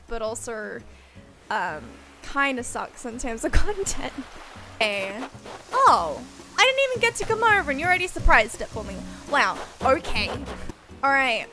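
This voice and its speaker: A young woman, chatting casually on a game livestream and gasping and squealing at each new reveal. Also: high voice. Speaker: streamer. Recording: game music playing behind.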